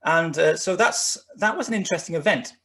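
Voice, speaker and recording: A man's voice: a little high, a little fast, a bit bright. Man giving a rambling history talk. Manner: rambling, frequent restarts and fillers. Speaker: guest lecturer. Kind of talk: history lecture with slides.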